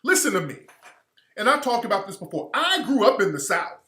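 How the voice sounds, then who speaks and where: A man from the American South delivers an insistent commentary, his pitch swinging widely as he drives each point. His voice is bright and forceful, and it rings with a roomy echo. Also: big pitch swings, a little fast. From Alabama, US South. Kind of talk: opinionated monologue.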